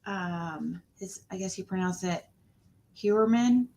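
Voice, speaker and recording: Woman, livestream host, casual chat, slow pace, rambling, restarts sentences. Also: mid-range voice, fairly bright tone.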